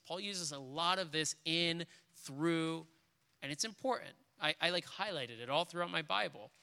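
A man preaching in a large hall with a long reverb. His voice is very bright and crisp, pitched a little high. He speaks earnestly, restarting phrases as he reads aloud. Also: normal speed. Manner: earnest, with frequent restarts while reading. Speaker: pastor. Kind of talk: sermon.

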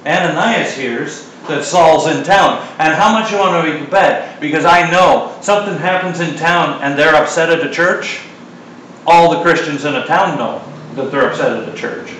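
A middle-aged man preaching a sermon in a casual, joking style, full of asides and lively retellings. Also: on the high side, normal speed, heavy reverb, far from the mic, slight background noise, low-quality recording.

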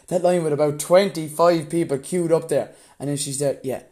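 A young Irish man telling a story casually, animated and laughing as he goes. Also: fairly high pitch, moderate pace. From Ireland.

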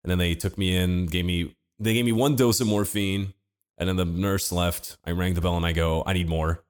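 Deep-voiced man telling a casual story. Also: fairly even intonation, normal speed, clear, resonant tone. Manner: laid-back, swears freely, acts out what people said. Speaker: podcast co-host telling a story.

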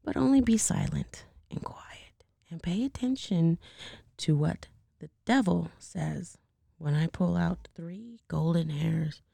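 Woman doing a soft-spoken hoarse old grandmother. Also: lowish voice, takes it slowly, no room sound, heavily acted. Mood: hushed. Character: sly old grandmother, soothing and clever.

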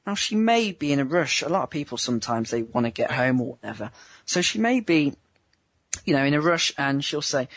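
Brit guy giving dating tips, kinda husky, plays out little lines in silly voices, dry close sound. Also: fairly high pitch, expressive, a little fast, a bit bright, dry recording. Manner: chatty, acts out little scenes in voices. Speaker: dating coach. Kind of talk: remote interview.

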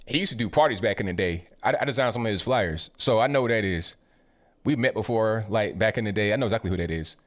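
A man's voice: fairly low pitch, fast. A man hosting a call-in show, talking in a conversational, slangy, opinionated way. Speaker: talk show host. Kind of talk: casual political commentary.

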